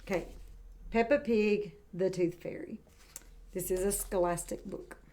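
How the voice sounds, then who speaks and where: A woman teaching kindergarten and reading a picture book aloud, who models words clearly and praises the children warmly. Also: mid-range voice, steady tone, measured pace, a little hiss or hum. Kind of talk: read-aloud lesson for young children. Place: home, indoors.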